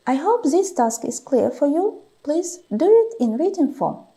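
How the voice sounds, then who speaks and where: Woman teacher, slow careful english lesson, high lively voice, dark gravelly tone. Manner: slow, deliberate, stretches example words, frequent "uh" pauses. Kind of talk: classroom lesson, dictating vocabulary and explaining grammar.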